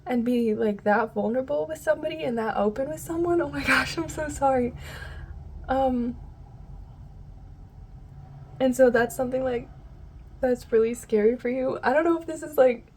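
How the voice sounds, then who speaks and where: A woman with a fairly high, mellow voice talks her viewers through a tarot reading in a loose, chatty way. She wanders off mid-thought, circles back, and fills the gaps with soft asides. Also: normal speed, long pauses, slight background noise. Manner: rambling, loses her train of thought, addresses viewers as "guys". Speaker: tarot reader.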